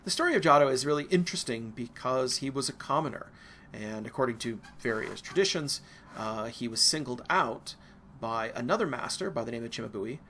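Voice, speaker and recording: Casual American male lecturer, bright, rambling asides, faint hiss under the voice. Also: medium pitch, lively intonation, a little fast. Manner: casual, digressive, with asides and fillers. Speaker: art history lecturer. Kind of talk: recorded university lecture.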